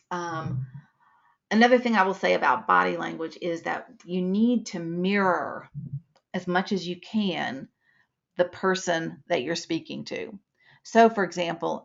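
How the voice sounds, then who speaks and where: A woman's voice: fairly low pitch, creaky, lo-fi sound. A woman instructor giving a live webinar lesson, explaining points with acted-out examples.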